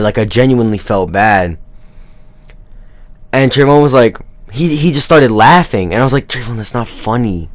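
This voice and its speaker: Young man rambling through a story. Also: lowish voice. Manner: rambling, animated retelling with many fillers. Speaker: vlogger. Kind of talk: casual storytelling.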